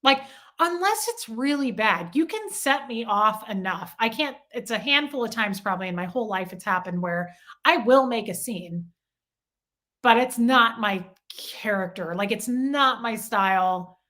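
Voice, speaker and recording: A young woman with a bright, fairly high voice, chatting on a live stream. She talks to her viewers in an animated, self-deprecating way. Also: a little slow. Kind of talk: casual live-stream chat.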